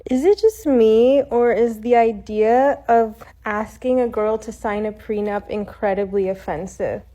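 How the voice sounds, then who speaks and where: Woman chatting casually, kinda high voice, musing. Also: measured pace, dark tone. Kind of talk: casual chat.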